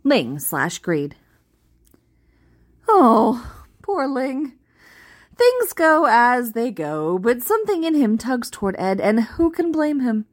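A woman casually reading a fan-written post aloud, amused and expressive. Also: fairly high pitch, measured pace, hardly any pauses. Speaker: reader.

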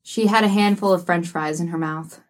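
A woman reading a work of fiction aloud with wry, even storytelling. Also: lowish voice, moderate pace. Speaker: narrator. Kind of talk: audiobook narration of fiction.

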